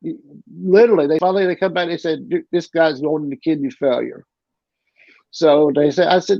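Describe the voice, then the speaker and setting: A middle-aged man with a fairly high, gravelly voice tells a long personal story as an interview guest, speaking at normal speed in casual talk. He rambles, repeats himself, and restarts sentences often, in a dull, lo-fi dry recording with no echo.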